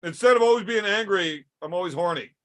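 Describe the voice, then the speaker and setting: A man's voice: high voice, quick pace, fairly bright tone. A man trading crude, teasing one-liners in casual banter with friends.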